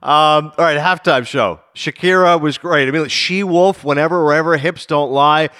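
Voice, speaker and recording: A slightly high-voiced man chatting about football and films with a co-host. He talks in an animated way, often breaking into quick impressions of movie lines. The sound is dry and close, with no room around it. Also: smooth, no echo. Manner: animated storyteller, mimics lines. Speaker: podcast co-host. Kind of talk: casual sports chat.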